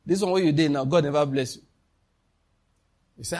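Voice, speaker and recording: A man's voice: a little high, brisk, darkish tone. A man, preaching a sermon as pastor, emphatic and calling out questions to the congregation.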